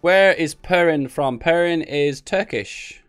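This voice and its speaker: A man's voice: a little high, slow pace, fairly bright tone, smooth, soft background music. A man giving casual live commentary on a strategy game tournament, thinking aloud and wandering into rambling asides. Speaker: streamer casting a game tournament.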